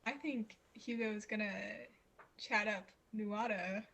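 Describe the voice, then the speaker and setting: A woman's voice: mid-range voice, steady tone, slow pace, a bit bright, low-quality recording. A woman playing a tabletop game, speaking in a hesitant way. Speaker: player.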